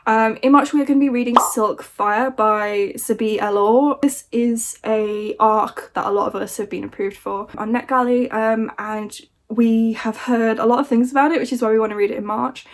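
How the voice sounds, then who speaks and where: A young woman, talking casually to camera about her reading plans. Her voice sits a little on the high side, and she chats loosely, swears freely and jokes with exasperated humor. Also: fairly even intonation, moderate pace, hardly any pauses. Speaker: book vlogger. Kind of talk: casual chat.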